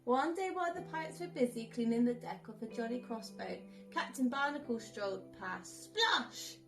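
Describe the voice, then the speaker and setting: A woman from a nursery reading a bedtime story aloud in a lively, expressive way. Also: a little high, normal speed, faint music behind. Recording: echoey room.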